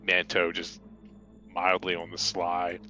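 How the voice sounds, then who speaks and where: A man's voice: low-pitched, completely flat delivery, slow pace, sharp tone, highs cut off, soft background music. A man playing a tabletop role-playing game in a playful, joking way. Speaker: player.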